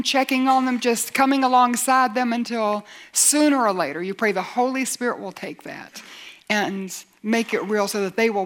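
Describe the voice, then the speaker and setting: Earnest woman preaching a sermon. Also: on the high side. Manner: earnest, builds to forceful emphasis, acts out skeptics' objections.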